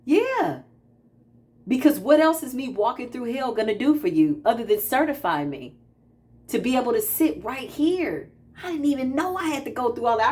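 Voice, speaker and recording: Animated woman spiritual talker. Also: sits high. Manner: animated, laughing, quotes herself in playful asides. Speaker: spiritual practitioner and channeler. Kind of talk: casual spiritual talk to viewers.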